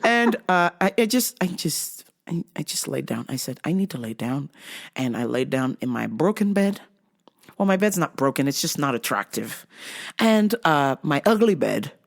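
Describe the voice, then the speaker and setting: Brief: exasperated, profane woman telling a comic story, very animated pitch. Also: normal speed, vocal fry. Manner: profane, exasperated, laughing at herself. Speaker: podcast host. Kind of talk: comedic storytelling.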